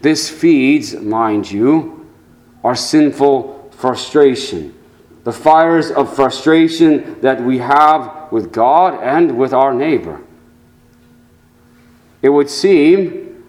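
A man preaching a sermon to his congregation, slow and measured, with deliberate pauses. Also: medium pitch, darkish tone, poor audio. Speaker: pastor.

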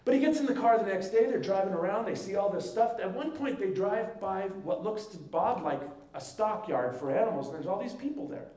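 A man's voice: high-pitched, brisk, few pauses. A male pastor telling a story in a sermon, acting out the voices of the people in it. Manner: lively storyteller who acts out the dialogue. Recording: echoey room, mic at a distance.

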